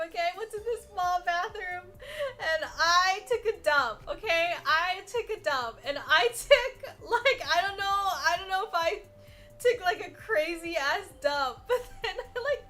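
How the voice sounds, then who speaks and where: A woman narrating a comic storytime, animated and full of swearing, dropping to mumbles and then rising loud. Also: very high-pitched. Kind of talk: casual comedic storytime voice-over.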